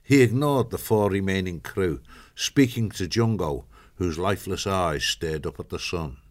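A man reading an audiobook in steady, measured scripted narration. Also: low-pitched.

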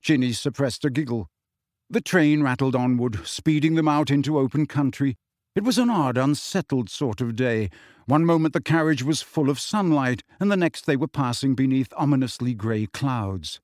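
A man's voice: medium pitch, normal speed, a little mellow, no room sound. Man narrating a storybook, dry and close. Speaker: audiobook narrator. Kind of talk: scripted fantasy novel narration.

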